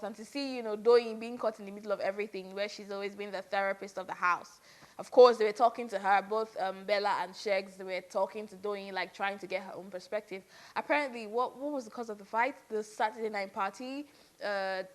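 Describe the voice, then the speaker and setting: A young woman giving casual, exasperated gossip commentary on a reality show, ranting in a lively way with lots of "like". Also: mid-range voice. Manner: exasperated, animated ranting with frequent "like".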